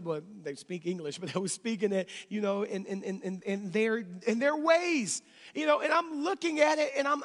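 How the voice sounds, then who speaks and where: A man preaches in a high, gravelly voice, driving home his points in repeated phrases. He drops to near-whispers and then climbs to shouts. The sound rings with the long reverb of a church hall, with faint music underneath. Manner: swings between hushed whispers and shouting; emphatic, repetitive preaching cadence. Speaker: pastor. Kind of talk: sermon.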